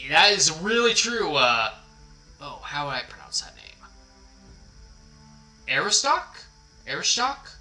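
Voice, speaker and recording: Slow-talking man with a bright voice over music. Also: medium pitch, low-quality recording. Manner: rambling, apologetic, self-deprecating. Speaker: livestream host. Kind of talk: casual livestream chat. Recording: background music under the voice. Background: quiet background music.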